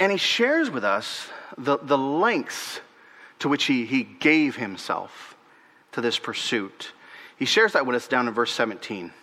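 A husky-voiced male pastor delivers an animated sermon in a big-room setting, repeating words as he swings between emphatic, raised passages and hushed, almost whispered ones.

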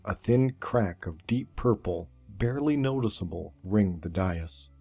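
A man tells a dark fantasy tale in a slow, measured voice. His tone is deep, mellow and slightly husky. Faint music plays behind him. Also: lively intonation. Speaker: narrator. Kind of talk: scripted fantasy narration.

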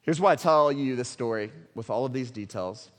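A male pastor preaching a sermon, telling a story dramatically and swinging between loud and hushed. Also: medium pitch, fairly quick. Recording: long hall reverb.

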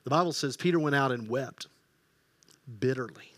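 A man preaching a sermon as pastor, telling the story with lively acted-out quotes and hushed quiet passages. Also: medium pitch, normal speed, dry recording. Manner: animated storytelling, acting out quoted voices, dropping to hushed tones.

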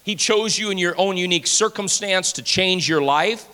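High, bright-voiced fervent preacher man. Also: moderate pace, clean tone. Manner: fervent preaching, rising to shouts. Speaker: pastor. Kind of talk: sermon. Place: church sanctuary. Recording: hall reverb.

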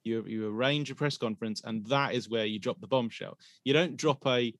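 A man's voice: mid-range voice, normal speed, a bit bright, no echo. A man hosting a podcast in a casual, rambling way, trailing into hesitations and breaking into laughter. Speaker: podcast host.

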